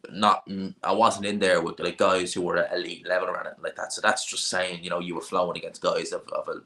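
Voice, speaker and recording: A man's voice: deep voice, level tone, quick pace, sharp tone. A man with a North Dublin accent hosting a casual livestream, answering viewer questions with blunt, offhand opinions and frequent restarts. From Ireland. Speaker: livestream host.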